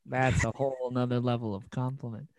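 A man's voice: medium pitch, flat delivery, brisk, no echo. A man co-hosting a casual podcast talks in a middle-range voice, rambling through his stories with plenty of "like" and "you know". The sound is close and dry, with no room around it. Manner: rambling storyteller, lots of "like". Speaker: podcast co-host. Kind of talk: casual chat.

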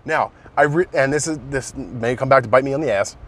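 A man in casual conversation about movies, retelling scenes excitedly and swearing often, recorded in a car. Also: medium pitch, a little fast.

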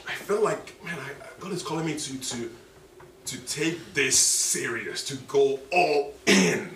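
A man preaching a sermon with passion, rising to high, emotional pleas. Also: unhurried, a bit bright, a little hiss or hum. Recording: echoey room from a distance.

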